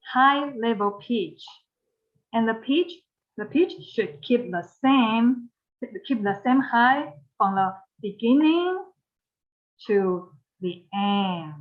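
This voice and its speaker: Woman teaching mandarin tones, english not her first language, talks really slow n repeats stuff, kinda high voice, muffled lo-fi audio. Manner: patient, repeats phrases, spells out each step. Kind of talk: recorded online language lesson. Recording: dull lo-fi recording.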